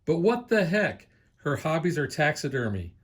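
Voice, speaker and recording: A middle-aged man in a casual board game review chat, explaining rules in a relaxed way with plenty of ums and uhs. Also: fairly high pitch, moderate pace, slightly rough. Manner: relaxed, explanatory, filler-heavy.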